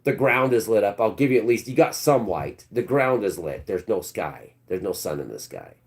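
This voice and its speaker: A man hosting a live stream, preaching and ranting, swinging between loud outbursts and low mutters. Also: very animated, moderate pace.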